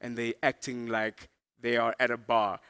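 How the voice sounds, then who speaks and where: A man's voice: medium pitch, little pitch movement, normal speed, bright, forceful tone, clear, resonant tone. A man hosting an awards event, telling stand-up jokes in a playful, teasing way. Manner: playful, teasing, exaggerated storytelling. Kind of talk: stand-up comedy.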